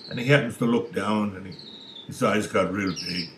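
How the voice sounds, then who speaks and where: A man casually telling a long joke, unhurried and with small restarts. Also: fairly low pitch. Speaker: joke teller. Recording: echoey room with faint noise.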